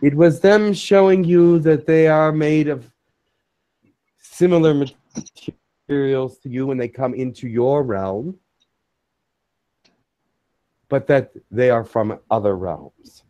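Slow, solemn male channeler. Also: mid-range voice, warm tone, muffled recording. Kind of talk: channeled spiritual message.

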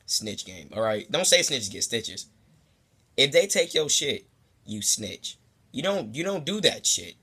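A young man telling a comedic story to the camera in a casual, profane, rambling way, sometimes jumping into high squeaky voices for the people in it. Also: very animated, unhurried, sharp tone, slightly rough. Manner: profane, rambling asides to the viewer. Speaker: storytime vlogger.

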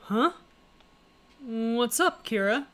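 Bright-voiced woman streamer reading aloud. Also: on the high side, expressive, drawn-out words. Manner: wry, chatty asides. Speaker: streamer reading a visual novel. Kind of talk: casual reading with commentary.

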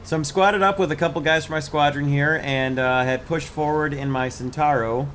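A man hosting a gaming channel, explaining his match in a relaxed way and then calling out targets to his squad. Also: fairly high pitch, normal speed, a little hiss or hum. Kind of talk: gameplay commentary and squad voice chat.

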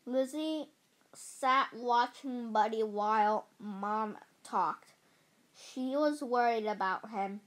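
A woman reading a children's book aloud in a halting way, often correcting herself. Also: fairly high pitch. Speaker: storybook reader.

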